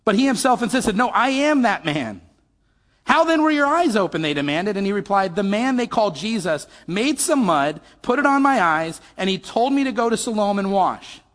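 High-voiced man preaching in a hall. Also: expressive, moderate pace, few pauses, fairly bright tone. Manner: conversational, asks the audience questions. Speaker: pastor. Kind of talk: sermon.

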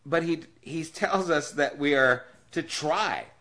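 In an unhurried conversational sermon, a pastor teaches a Bible study and tells stories along the way. His delivery shifts from soft and low to loud and forceful.

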